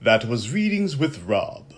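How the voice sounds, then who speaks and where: Husky guy reading a fantasy book out loud for a podcast, steady. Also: mid-range voice, slow pace. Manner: steady narration with character voices. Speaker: podcast reader.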